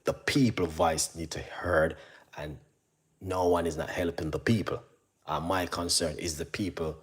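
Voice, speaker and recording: A man's voice: fairly bright tone, breathy edge. A man, talking earnestly and casually to his viewers, repeating "you know what I mean" as he urges them not to stress. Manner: mimics receptionists in a higher voice. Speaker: channel host. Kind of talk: casual motivational talk to camera.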